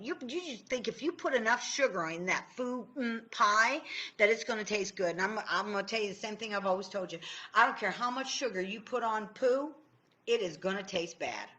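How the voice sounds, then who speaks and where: Excitable woman coach, bright tense voice, swoops high and low, lively stream host. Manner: bubbly, excitable, chats to viewers by name. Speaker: tapping coach. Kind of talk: live-stream Q&A teaching.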